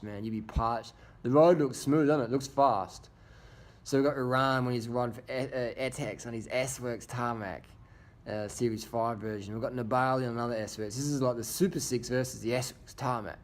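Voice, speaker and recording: A man runs a casual commentary over bike race footage. He jokes crudely and swears freely, and his voice sits at an ordinary middle pitch. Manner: crude, joking, profane banter. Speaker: video host.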